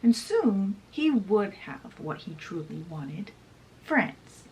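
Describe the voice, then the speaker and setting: A woman's voice: medium pitch, sing-song, takes it slowly, darkish tone, a little hiss or hum, low-quality recording. A woman hosting a book channel, summarizing a novel in a chatty retelling style full of casual asides.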